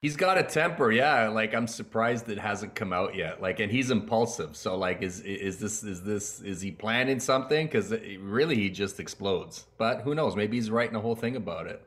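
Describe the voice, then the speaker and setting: A man's voice: on the low side, moderate pace, few pauses, fairly bright tone. A man on a comedy panel who wonders aloud and speculates.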